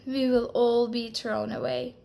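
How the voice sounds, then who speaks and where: A woman voicing a sad wind-up toy mouse in a storybook, speaking gently and mournfully. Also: fairly high pitch, level tone, a little slow, creaky.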